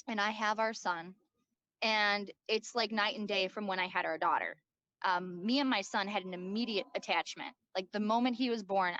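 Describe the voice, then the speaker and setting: A woman gives a personal account in an interview, speaking haltingly and repeating words as she goes. Her voice sits at an ordinary middle pitch. The recording is dull and lo-fi, with a dry, close sound and no room echo. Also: fairly bright tone. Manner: halting, repeats words, many likes and ums. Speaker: interview guest.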